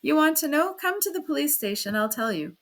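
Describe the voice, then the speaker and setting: A woman voicing a brooding young male student who speaks in slow, lazy, dreamy and jeering tones. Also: high-pitched, very animated, fairly bright tone, voice pushed up, exaggerated voice. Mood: detached.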